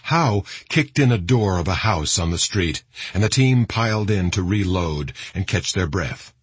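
A man's voice: sits low, animated, unhurried, breathy edge, no room sound. A man doing a dramatic scripted audiobook narration, reading with wide swings in emphasis.

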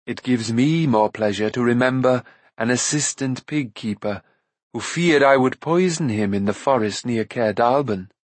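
A man voicing a calm, noble warrior prince who speaks in a measured, dignified way in an audiobook. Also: mid-range voice, dry recording, close to an everyday voice. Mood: grave.

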